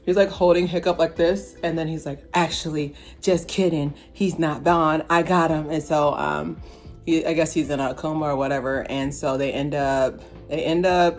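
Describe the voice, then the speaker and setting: A woman's voice: deep voice, a little mellow. A woman giving a casual movie review with a rambling, slangy, filler-heavy manner.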